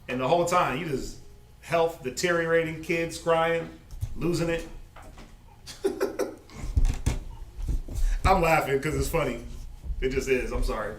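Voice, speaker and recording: A man teaching a Bible study in a loose, slangy, animated way, laughing often. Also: fairly high pitch, normal speed, long pauses. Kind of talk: informal preaching. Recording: echoey, distant, faint noise.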